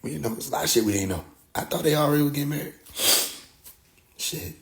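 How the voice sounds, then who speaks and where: A young man casually telling a story as a podcast host, animated and profane, acting out other people's voices now and then. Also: on the high side, quick pace, creaky.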